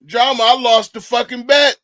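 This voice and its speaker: A man hosting a livestream, loud and excitable, often shouting as he talks to his chat. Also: extremely high pitch, moderate pace, no echo. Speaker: livestream host. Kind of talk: reacting to a clip for chat.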